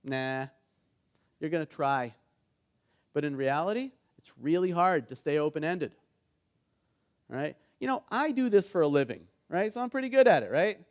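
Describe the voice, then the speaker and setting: A middle-aged man with a fairly high voice leads a conference workshop on negotiation. He talks to the room in an engaging way and acts out the dialogue in his stories. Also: moderate pace, long pauses. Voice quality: engaging, keeps asking the audience "right?". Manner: animated storytelling, acts out quoted dialogue. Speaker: negotiation trainer and mediator.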